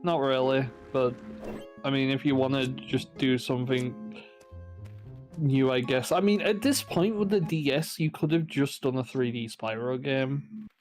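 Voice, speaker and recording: A man streaming a game, talking in a relaxed, hesitant way with many fillers as he reads viewer questions, with faint music behind. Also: mid-range voice, a little slow. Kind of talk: casual gameplay chat.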